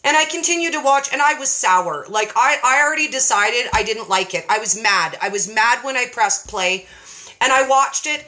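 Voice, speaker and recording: Brief: woman host, fairly high and bright, lively playful storyteller. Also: moderate pace. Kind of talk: casual storytelling chat.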